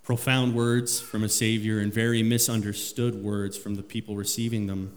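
A man's voice: level tone, normal speed, few pauses. A man preaching a sermon, reading scripture aloud with rising emphasis. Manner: rises in pitch and volume when reading scripture aloud. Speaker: pastor. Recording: long hall reverb.

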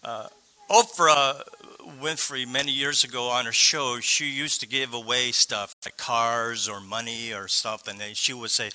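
A man, slightly sore-voiced, preaching as a guest speaker in halting speech with many pauses and restarts. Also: mid-range voice, fairly even intonation, bright, forceful tone. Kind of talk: sermon.

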